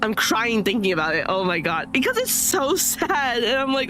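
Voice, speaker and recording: A woman's voice: a little high, sing-song, normal speed, music in the background. A young woman chatting casually, rambling with many fillers and sometimes tearful. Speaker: streamer. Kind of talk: casual chat.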